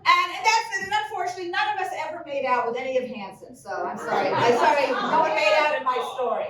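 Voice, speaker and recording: A woman in her fifties telling a comedic story live on a pub stage, animated with loud exclamations. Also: sits high, quick pace, crowd noise. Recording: echoey pub room, mic far off.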